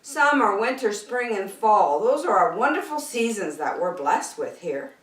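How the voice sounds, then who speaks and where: A woman reading a children's picture book aloud with slow, expressive delivery. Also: mid-range voice. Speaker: children's storyteller. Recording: roomy, from a distance.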